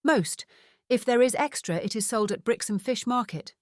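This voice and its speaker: A woman's voice: a little high, animated, normal speed, no echo, studio quality, voice pushed up, natural voice. A woman voicing a French boat skipper in his thirties, with a French accent and terse, broken English.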